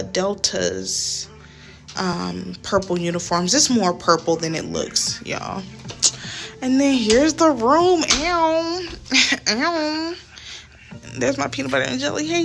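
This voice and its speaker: A young woman, a flight attendant, chatting casually in an animated, slangy vlog while walking through a hotel room with a handheld phone. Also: mid-range voice, vocal fry. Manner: animated storytelling, slangy, says "y'all".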